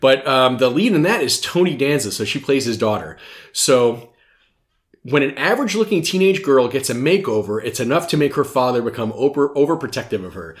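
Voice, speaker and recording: A man's voice: mid-range voice, lively intonation, a little fast, reverberant. A man hosting a podcast in casual chat, rambling and jokey, who swears and laughs often. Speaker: podcast host.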